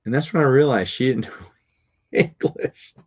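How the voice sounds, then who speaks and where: A man's voice: medium pitch, normal speed, breathy edge. Rambling man, lo-fi sound. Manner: rambling with restarts and chuckles. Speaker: vlogger telling stories. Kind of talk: casual storytelling. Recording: dull lo-fi recording.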